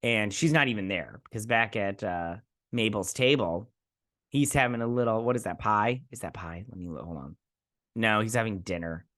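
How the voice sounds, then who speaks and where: A man's voice: fairly low pitch, moderate pace, fairly bright tone. A man casually recapping and reviewing a TV episode, acting out the characters' lines and rambling with lots of fillers and restarts. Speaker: show reviewer.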